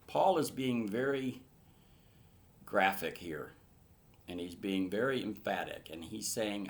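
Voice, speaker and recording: A man's voice: on the low side, expressive, slow, vocal fry, pauses often. A man teaching verse by verse through a Bible passage in an earnest manner, rising to emphatic bursts.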